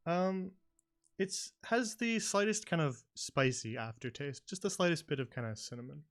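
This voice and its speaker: A man narrating as dungeon master, relaxed and full of ums and uhs. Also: fairly high pitch, moderate pace. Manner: filler-heavy, relaxed narration. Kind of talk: narrating a tabletop game.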